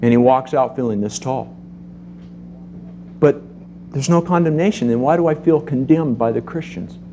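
A middle-aged man preaching a sermon to a congregation, telling stories in a lively way and acting out the voices in them. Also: medium pitch, normal speed, dull audio, slight background noise. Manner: animated storytelling, acts out voices. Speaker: pastor.

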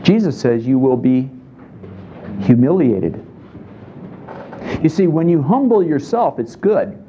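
Slow-speaking male preacher. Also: medium pitch, very animated, warm tone, highs cut off, slight background noise. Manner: conversational, asks the congregation questions. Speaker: pastor. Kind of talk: sermon.

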